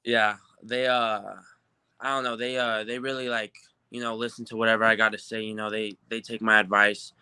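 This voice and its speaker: A teenage football recruit from New Mexico, answering interview questions in an upbeat, rambling way with many fillers. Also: male voice, lowish voice, level tone, normal speed, bright, forceful tone, clean tone, no room sound. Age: teens.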